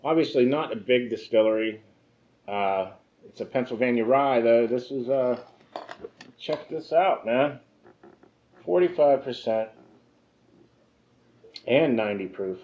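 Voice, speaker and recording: A man's voice: mid-range voice, measured pace, pauses often, darkish tone, highs cut off. Easygoing man joking through a tasting. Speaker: co-host of a whiskey and cigar review show. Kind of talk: casual chat.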